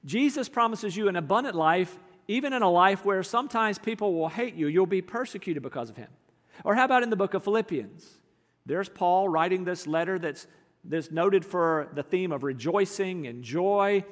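A man preaching a sermon as pastor, earnest, moving between emphatic lines and hushed ones. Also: sits high, animated, moderate pace, long reverb tail.

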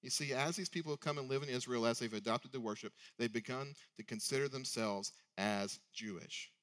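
A man's voice: medium pitch, fairly quick, a bit bright. A male preacher giving a sermon in a conversational way, often asking rhetorical questions.

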